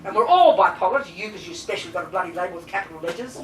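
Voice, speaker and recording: A woman teaching as a Buddhist nun to a live class, blunt and lively, firing rhetorical questions at her listeners. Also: lowish voice, rapid-fire, hardly any pauses, a crowd in the background. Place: teaching room with audience. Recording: roomy echo, distant mic, faint hiss.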